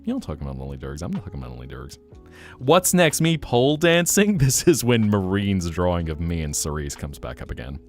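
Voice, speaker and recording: A man's voice: sits low, sing-song, fairly quick, faint music behind. A man streaming as a VTuber, chatting casually with his live chat in a playful, teasing way with joking mock denials.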